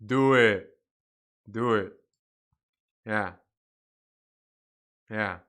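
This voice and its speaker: An excitable man hosting a casual live-stream chat, reacting loudly and saying "dude" a lot. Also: lowish voice, extremely slow. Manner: excitable, peppers speech with "dude". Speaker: live show host.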